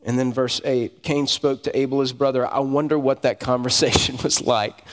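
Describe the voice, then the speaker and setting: A man's voice: mid-range voice, fairly even intonation, moderate pace. A male pastor preaching a sermon in a conversational way, asking the congregation rhetorical questions. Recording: long hall reverb.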